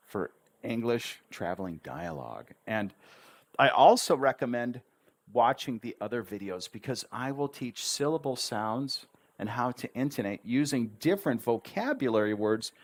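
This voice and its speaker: A man teaching English pronunciation on a livestream, repeating words syllable by syllable with encouraging asides. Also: on the low side. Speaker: English tutor.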